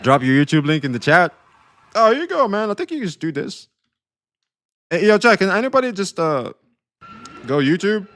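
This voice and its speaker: A young adult man streaming live, talking casually to his chat, swearing freely, swinging between excitement and quiet emotion. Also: high-pitched, normal speed, long pauses. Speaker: livestreamer.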